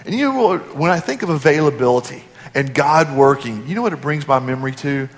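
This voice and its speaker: A man preaching a sermon as a pastor, asking the congregation questions and dropping to quiet emphasis on key points. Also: on the high side, animated, fairly quick. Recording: long hall reverb.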